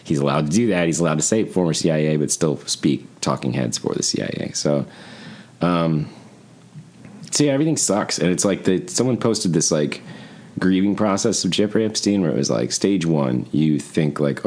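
A man with an extremely deep, low voice talks through a casual podcast chat. He rambles and swears freely, and he jumps into other people's voices as he tells a story. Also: brisk. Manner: profane, rambling, animated storytelling. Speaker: podcast co-host. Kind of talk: casual conversation.

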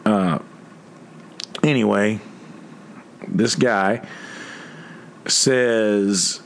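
A man's voice: lowish voice, drawn-out words, a little hiss or hum. A man, a musician telling a story to his viewers in a casual, blunt and profane way, raising his voice to quote people. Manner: profane, blunt, quoting others in a raised voice. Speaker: musician in a two-piece band.

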